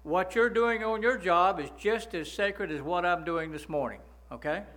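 A man preaching a sermon, folksy, slowing down to stress his points and asking the congregation for agreement. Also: high voice, fairly bright tone. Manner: slows down to stress key phrases. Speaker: pastor.

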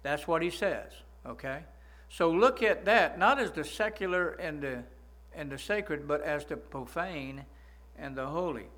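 A man preaching a sermon, folksy, slowing down to stress his points and asking the congregation for agreement. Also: a little high, animated, a bit bright. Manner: slows down to stress key phrases. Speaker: pastor.

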